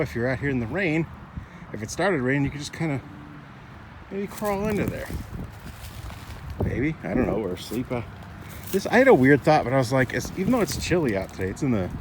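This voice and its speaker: A man in his forties vlogging casually outdoors, rambling in a chatty, self-mocking way with little asides. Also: medium pitch. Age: 40s. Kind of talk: casual vlog narration. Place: outdoors, windy lakeside walk and parked car. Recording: wind and traffic noise outdoors.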